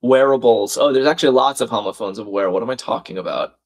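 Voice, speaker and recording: A man's voice: medium pitch, quick pace. A man hosting a live crossword stream, thinking aloud, reading out viewers' chat comments and laughing often.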